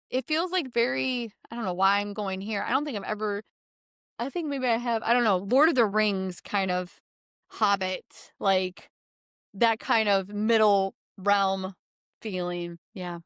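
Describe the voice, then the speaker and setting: A woman giving a relaxed spiritual reading as an energy healer, rambling with many fillers and easy laughs. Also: on the high side, a little slow, smooth, no room sound, clean studio sound.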